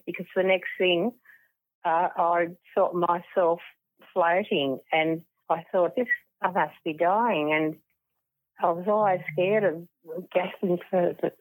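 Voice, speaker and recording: An older woman, an interview guest, telling a personal story in a halting way with many restarts. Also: on the low side, dry recording. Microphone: phone. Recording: tinny phone line.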